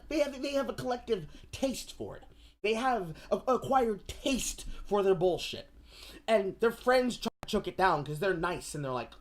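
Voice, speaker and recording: A woman streamer ranting in casual commentary, profane and animated, often slipping into mocking voices. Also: mid-range voice, normal speed, a little hiss or hum.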